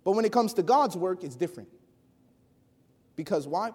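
A man preaching a sermon, telling a personal story with animated delivery that swings between hushed and loud. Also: sits high, normal speed, breathy edge. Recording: long hall reverb.

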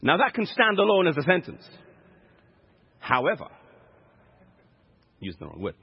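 Emphatic preacher in an echoey hall. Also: male voice, fairly high pitch, wildly swooping pitch, normal speed, creaky, pauses often, husky. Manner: teaching, emphatic, repeats key points. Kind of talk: sermon. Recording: echoey hall, dull lo-fi sound.

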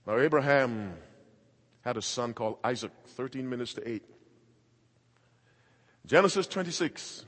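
A man's voice: mid-range voice, lively intonation, a little slow, pauses often, a bit bright, big-room sound. A man preaching a sermon in an emphatic, dramatic way, acting out quoted voices.

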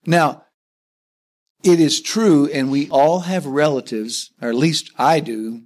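A man's voice: fairly high pitch, slow pace, darkish tone. A middle-aged man co-hosting a talk on marriage, mixing jokes with plain teaching and a quoted scripture verse. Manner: joking, then plain teaching. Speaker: co-host speaking about marriage.

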